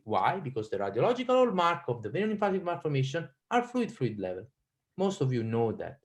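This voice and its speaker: A man's voice: fairly high pitch, darkish tone. A man with an Italian accent giving an online teaching lecture on a video call, quizzing the audience and often restarting his sentences. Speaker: radiology lecturer.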